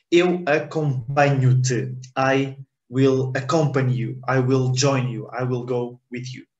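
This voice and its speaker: A man's voice: medium pitch, roomy sound, lo-fi sound. A man teaching a language lesson in English, repeating words and checking understanding with "ok?".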